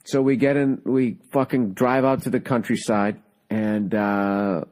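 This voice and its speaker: Rambling, profane man with a lower voice. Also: level tone, unhurried, a little mellow. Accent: Boston. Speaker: podcast host. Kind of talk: casual chat.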